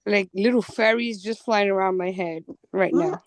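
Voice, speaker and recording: A woman co-hosting a podcast in casual chat, animated and quick to laugh, often stammering into restarts. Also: medium pitch, dry recording. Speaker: podcast co-host.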